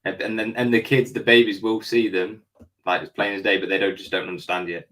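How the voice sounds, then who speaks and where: A man's voice: on the low side, little pitch movement, fairly quick, a bit bright, low-quality recording. A man from the UK, a guest in a casual chat about the paranormal, talking matter-of-factly about spirits.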